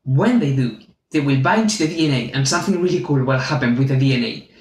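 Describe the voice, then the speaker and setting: A man with a Spanish accent giving a clear, methodical university biology lesson as the channel's teacher. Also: mid-range voice, expressive, quick pace, slight background noise. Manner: clear, methodical, friendly explaining. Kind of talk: university lecture explaining with drawings. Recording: echoey room.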